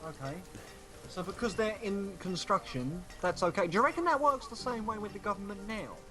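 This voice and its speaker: A man's voice: sits high, expressive, brisk, music in the background. A man casually chatting with friends while livestreaming a game, swearing freely and laughing at his own jokes. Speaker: streamer host. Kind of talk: casual gaming chat.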